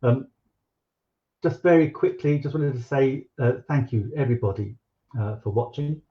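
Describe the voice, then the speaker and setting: A man's voice: mid-range voice, normal speed, lo-fi sound. A man hosting a live cooking stream, chatting casually with many fillers and restarts.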